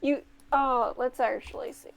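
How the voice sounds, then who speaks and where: A woman's voice: high-pitched, steady tone, a little slow, vocal fry, no echo. A woman narrating as game master for a tabletop game, hesitant with laughing asides.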